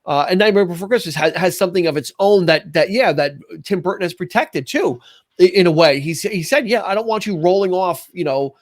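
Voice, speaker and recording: Animated, higher-voiced man chatting. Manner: halting, many restarts, animated. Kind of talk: casual podcast chat.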